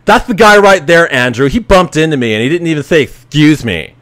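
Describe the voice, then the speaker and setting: A man's voice: a little high, animated, brisk, a bit bright, pitched above the performer's own voice. A man mimicking a snippy young woman at a bar in a raised, whiny, accusing voice.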